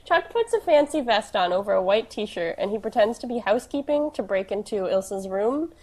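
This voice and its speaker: A woman's voice: medium pitch, expressive, a little fast, darkish tone. A woman co-hosting a podcast, recapping an episode in casual chat, teasing and laughing often. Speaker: podcast co-host.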